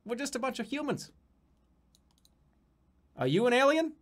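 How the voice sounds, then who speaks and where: A man's voice: very high voice, big pitch swings, normal speed. Rambling, swearing streamer man. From United States. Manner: rambling, profane, jokey with many restarts. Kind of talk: casual live-stream chat.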